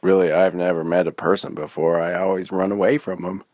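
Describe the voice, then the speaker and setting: A man's voice: sits low, flat delivery, fairly quick, a little mellow, no echo, close to an everyday voice. A man doing a friendly talking bear. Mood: encouraging. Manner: cheerful, coaxing, laid-back. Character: friendly talking male bear, encouraging and easygoing. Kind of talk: bedtime story voice.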